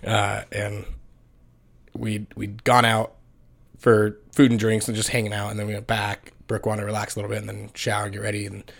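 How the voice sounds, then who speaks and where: A man's voice: on the low side, completely flat delivery, moderate pace, vocal fry. A young man in a loose podcast chat, crude and playful. He tells stories with acted-out quotes and swears freely. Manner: crude, joking storyteller who acts out quotes. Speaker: podcast co-host.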